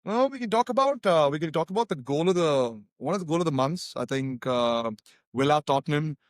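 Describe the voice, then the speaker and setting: A man co-hosting a casual football podcast, talking in an excitable, chatty way with lots of fillers. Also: a little high, a little fast, no echo. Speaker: podcast co-host.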